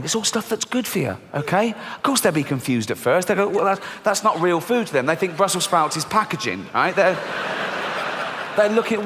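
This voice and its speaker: A middle-aged man with an English accent doing a stand-up comedy set, swearing and mocking, acting out voices with big jumps in pitch. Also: fairly bright tone. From England. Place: large theatre stage before a laughing audience. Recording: live hall with long reverb.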